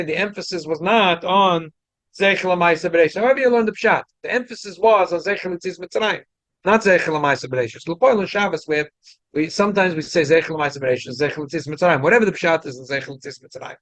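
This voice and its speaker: A man's voice: fairly high pitch, a little fast, fairly bright tone, no room sound. A man giving a Torah class to a study group, explaining with frequent restarts and Hebrew and Yiddish terms. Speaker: rabbi teaching a study group.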